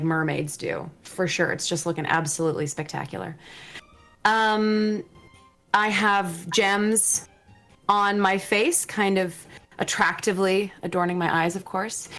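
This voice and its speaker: A woman's voice: medium pitch, a bit bright. Playful flamboyant woman role-playing. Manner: playful, flamboyant, drawn-out phrasing. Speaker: tabletop game player. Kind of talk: in-character role-play chat.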